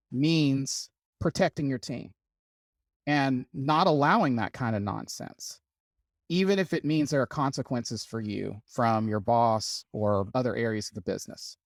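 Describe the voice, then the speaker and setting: A man's voice: medium pitch, no echo, clean studio sound. A man speaking as a guest CTO in a panel discussion, emphatic and repeating his key points.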